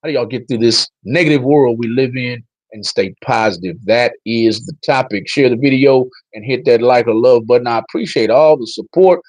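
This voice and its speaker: A man's voice: mid-range voice, dry recording, low-quality recording. A man hosting a casual livestream, talking straight to his viewers and telling a story. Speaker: livestream host.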